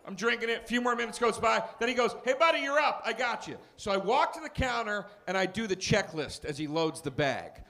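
A man performing a stand-up comedy set in a club, telling a story with shouted punchlines and acted-out characters, with the audience laughing. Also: high voice, animated, a little fast, vocal fry, few pauses. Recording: live club recording with crowd noise.

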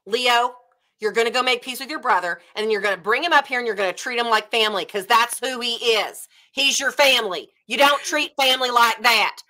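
A woman's voice: a little high, fairly quick, pushed and bright, poor audio. A woman doing a firm, motherly woman laying down the law. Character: firm, homely woman laying down family rules.

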